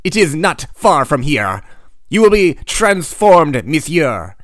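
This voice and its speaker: A smooth, oily French street vendor with a thick put-on accent, as a man reads him aloud. His voice swoops up and down with flair. The sound is dry and close. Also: fairly high pitch, very animated, slow, dry recording.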